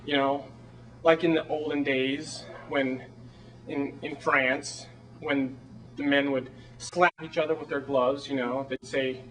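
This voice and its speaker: An actor playing a flamboyant, eager small-town theater director, chatty and rambling in a film monologue performance. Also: male voice, medium pitch, flat delivery, slow, a bit bright, far from the mic, low-quality recording. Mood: gushing.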